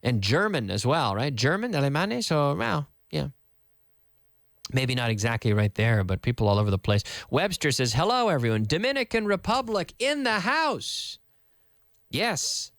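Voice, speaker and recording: Lively man teaching English. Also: a little high, normal speed, no echo, clean studio sound. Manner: lively, quizzing with questions and answers. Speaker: English teacher, radio host. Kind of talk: live English lesson. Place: radio studio.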